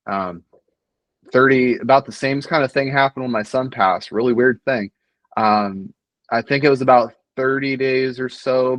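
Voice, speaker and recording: A middle-aged man talking earnestly and reflectively as a podcast guest, with many pauses and restarts. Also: on the low side, no echo, rough recording. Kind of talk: casual conversation.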